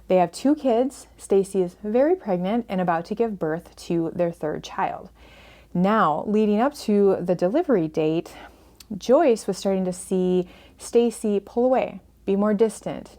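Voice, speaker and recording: Speaking with a warm, medium-pitched voice, a woman hosts a podcast about family estrangement. Acting as a counselor, she talks earnestly and empathetically with listeners while guiding them through a case story.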